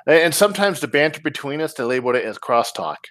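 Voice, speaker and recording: A man hosting a casual tech podcast, talking in a relaxed way with many ums and restarts. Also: a little high, fast talker, no room sound. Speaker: podcast host. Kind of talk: casual podcast chat, reading listener comments.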